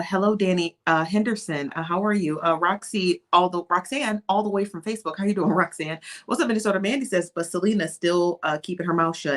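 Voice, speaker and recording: A woman hosting a casual live stream, chatting loosely and greeting her viewers one by one. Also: fairly low pitch. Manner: chatty, greets viewers by name, drops into whispers. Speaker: livestream host.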